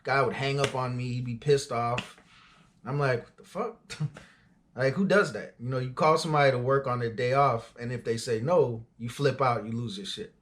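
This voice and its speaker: Man, 40, small business owner, easygoing storyteller, mid-pitched voice, lots of "you know" and "uh". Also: fairly even intonation, normal speed, a bit bright. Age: 40s. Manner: loose and conversational, frequent fillers and asides. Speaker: auto transport business owner. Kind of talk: casual storytelling.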